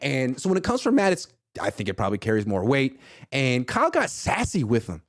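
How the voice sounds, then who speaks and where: Lively man in his thirties hosting sports chat. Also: mid-range voice, fairly quick, dry recording, studio quality. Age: 30s. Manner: animated, jokey, acts out quotes. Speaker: podcast host.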